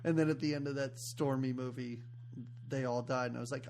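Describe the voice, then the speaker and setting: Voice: medium pitch, fairly even intonation, fairly quick, a little mellow, slight background noise. A podcast co-host chatting casually about a film, retelling scenes and acting out the characters' lines between laughs. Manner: storytelling, acts out film quotes and laughs mid-sentence. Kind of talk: casual movie chat.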